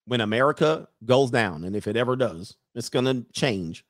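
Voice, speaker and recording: A man's voice: medium pitch, moderate pace, no room sound, clean studio sound. Emphatic man ranting on a livestream. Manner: animated, laughing, emphatic. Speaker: livestream host. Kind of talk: casual livestream rant.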